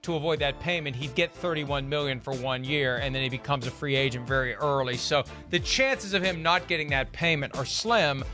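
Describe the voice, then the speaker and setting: A man's voice: medium pitch, moderate pace, hardly any pauses, sharp tone, soft background music. A man hosting a sports talk show, explaining contract details in a casual, methodical way. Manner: detailed, explanatory, runs through contract numbers. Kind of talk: casual sports analysis chat.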